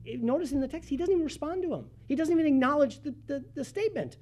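A pastor preaching a sermon, swinging from loud emphasis to hushed, almost whispered passages and acting out the people in the story. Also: high-pitched, animated, quick pace. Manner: acts out the voices of the people he describes.

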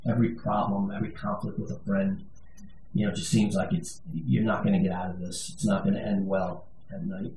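A man's voice: on the low side, steady tone, brisk, dark tone, slight background noise. A male pastor giving a sermon, conversational and emphatic, with touches of humor. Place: church sanctuary. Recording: echoey room, voice from a distance.

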